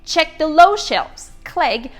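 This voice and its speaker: A woman's voice: high-pitched, big pitch swings, slow pace, faint music behind, voice pushed up, exaggerated voice. A woman voicing a chatty, easily flustered little male egg who leads his friends, in a storytime read-aloud. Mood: determined.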